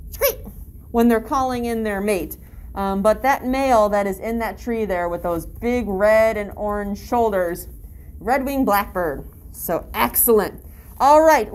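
A woman guiding children along an outdoor story walk, reading a picture book aloud in an upbeat, encouraging, teacherly way and imitating animal sounds. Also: a little high. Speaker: library story-walk guide.

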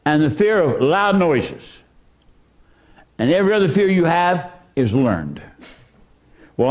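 Animated preaching man with lively pitch. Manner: animated preaching, voice surging high for emphasis. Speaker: pastor. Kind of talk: sermon. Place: church.

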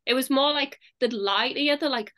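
A young British woman talks about acting in a loose, chatty way. Her voice sits a little high and sounds very bright. She leans on "like" fillers and laughs easily. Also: brisk. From England. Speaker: actress, guest. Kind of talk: casual interview chat.

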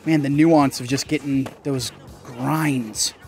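A young man, a gaming channel host, giving casual gameplay commentary, chatty and excitable, swearing mildly and yelping when things go wrong. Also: takes it slowly, vocal fry. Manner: excitable, bursts into high yelps and laughs at mistakes. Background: faint game music.

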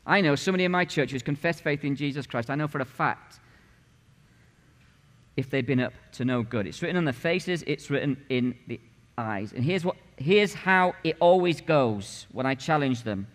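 A man's voice: a little high, lively intonation, normal speed. A man in his late forties preaching a sermon as pastor, punchy and conversational, firing rhetorical questions at the congregation. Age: 40s. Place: church sanctuary. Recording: long church reverb.

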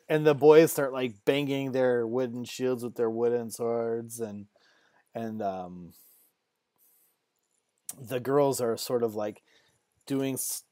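A woman narrating a tabletop game as game master, halting with many fillers. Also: very deep voice, warm tone, no room sound, studio quality.

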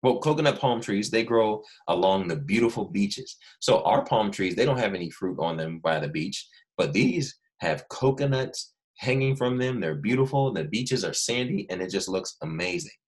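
Male grade-school teacher, low voice, animated and encouraging, leads kids in call-and-repeat. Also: moderate pace, hardly any pauses. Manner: animated, coaxing children to repeat words. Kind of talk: remote classroom lesson. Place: Los Angeles.

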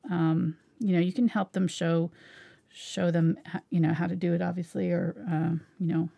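A woman's voice: lowish voice, flat delivery, normal speed, vocal fry, warm tone. A middle-aged woman teaching a live painting tutorial, chatting casually while she paints. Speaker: painting instructor.

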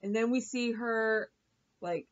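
Chatty woman vlogging, kinda high voice, slow and rambly, muffled lo-fi sound. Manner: gushing, chatty, full of "like" and swearing. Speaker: vlogger reviewing a TV episode. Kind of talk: casual chat.

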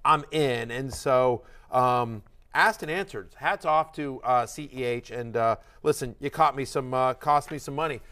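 A man co-hosting a fantasy football show, talking in an excitable, rambling way with lots of restarts. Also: medium pitch, unhurried. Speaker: fantasy football analyst and co-host. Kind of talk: animated sports podcast chat. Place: studio.

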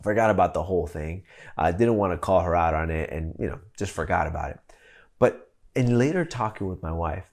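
A man's voice: low-pitched, fairly quick, gravelly, a little mellow. A man in his thirties preaching a sermon as a pastor, telling a family story in a conversational, storytelling way.

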